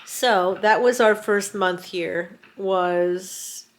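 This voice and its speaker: Woman, middle-aged, casual storytelling, animated, acts out quotes, recorded at home, mid pitch. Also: very slow. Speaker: vlogger. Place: home in rural mountains.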